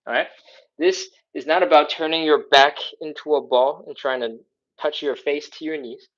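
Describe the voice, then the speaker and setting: Upbeat male stretching coach, lo-fi sound. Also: mid-range voice. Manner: coaching, upbeat, repeats "all right?". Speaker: fitness instructor. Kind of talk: live stretching class instruction.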